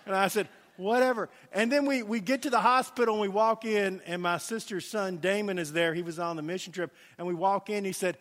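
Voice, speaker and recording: High-voiced man preaching in a reverberant hall. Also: steady tone, a little fast, few pauses, a bit bright. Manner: storytelling with folksy asides and many fillers. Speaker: pastor. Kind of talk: sermon.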